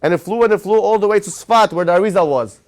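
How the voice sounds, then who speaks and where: A rabbi tells a lively story in a Torah class, speaking quickly in a high voice. He stops now and then to put questions to his listeners, then carries on. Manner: animated storyteller who quizzes his audience.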